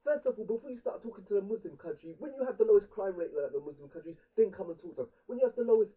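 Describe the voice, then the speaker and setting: A young man with a London accent rants in a heated street argument, angry and repetitive as he drives each point home. His voice sits high and husky. It comes through a tinny, phone-like recording picked up from a distance. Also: animated, racing.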